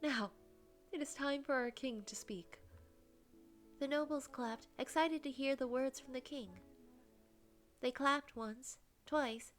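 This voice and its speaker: Soft, breathy young woman narrating. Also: high voice, takes it slowly, long pauses, faint music behind. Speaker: game streamer. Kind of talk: first-person visual novel narration.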